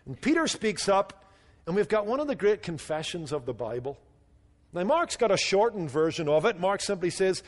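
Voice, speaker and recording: Guy preaching a sermon, fairly high voice, goes low and soft to hit points, long echo. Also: lively intonation, moderate pace. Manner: earnest, drops low and quiet on key points. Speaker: pastor.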